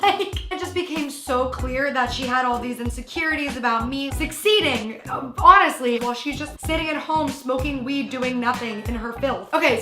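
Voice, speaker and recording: A woman's voice: high voice, roomy sound. A young woman telling a casual storytime, exasperated and venting, with lots of "like". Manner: venting, exasperated, heavy use of "like".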